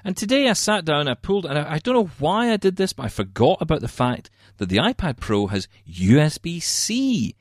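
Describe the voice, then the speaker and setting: A Scottish man hosting a casual tech talk show from his home studio, ranting with lively energy. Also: a little high, fairly quick, hardly any pauses, dry recording. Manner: animated ranting. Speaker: podcast host.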